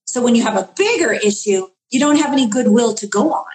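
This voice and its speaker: A woman's voice: fairly high pitch, expressive, fast talker, darkish tone, a little hiss or hum. A woman giving relationship advice in a conversation, earnest and coaching, with emphatic repeated phrases. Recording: roomy echo.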